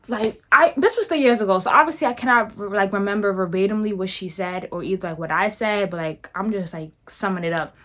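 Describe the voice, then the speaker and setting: Bright-voiced young New woman. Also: mid-range voice, a little fast, few pauses. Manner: profane, animated, lots of filler words. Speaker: vlogger. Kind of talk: casual storytime.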